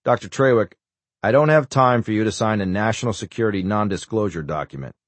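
A man's voice: fairly low pitch, fairly quick, no echo, close to an everyday voice. Man voicing a stern agent in charge. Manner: stern, commanding. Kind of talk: audiobook character voice.

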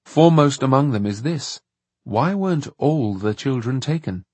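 A man voicing a calm, thoughtful grown man who reasons things out, in an audiobook. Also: mid-range voice, moderate pace, husky, no echo. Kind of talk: audiobook narration.

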